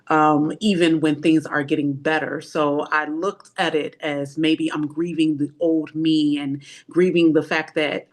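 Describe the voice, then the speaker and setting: A participant shares reflections slowly, pausing to find the right words. The voice sits mid-range and unhurried, earnest throughout. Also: mid-range voice. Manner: slow, thoughtful, searching for words. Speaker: workshop participant. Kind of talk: reflective sharing in a group workshop.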